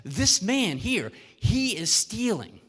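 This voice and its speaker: Indignant stammering baker, raised and loud, as a minister puts him on, story voice, echoey hall. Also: male voice, high-pitched, sing-song, slow, breathy edge, pitched above the performer's own voice, exaggerated voice. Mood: accusing. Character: angry greedy male baker shouting.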